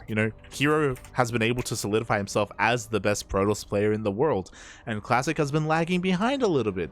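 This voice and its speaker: A man casting a live strategy game, calling the action and getting louder and higher at big moments. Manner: excitable, rising pitch at big moments. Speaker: esports caster. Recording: faint game music underneath.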